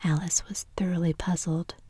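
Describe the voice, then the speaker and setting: A woman reading a classic children's storybook aloud in a soft, even whisper. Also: fairly low pitch, normal speed, slightly rough, no room sound.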